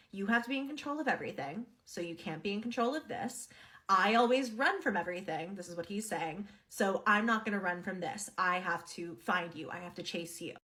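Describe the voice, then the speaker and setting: A woman's voice: medium pitch, pushed and bright. A woman telling a dream story straight to camera in a casual, candid way, swearing freely and acting out the dialogue she quotes. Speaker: TikTok storyteller.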